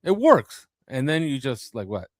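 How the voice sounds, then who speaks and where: A man co-hosting a casual sports podcast, talking in an animated way, laughing and acting out quotes. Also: medium pitch, unhurried, no echo. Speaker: podcast co-host.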